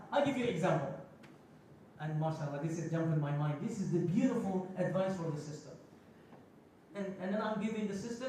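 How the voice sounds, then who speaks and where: A man's voice: high voice, darkish tone, a little hiss or hum. A man giving a Friday sermon in a mosque, telling stories with acted quotes and phrases. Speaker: khutba speaker. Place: mosque prayer hall. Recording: echoey hall, distant mic.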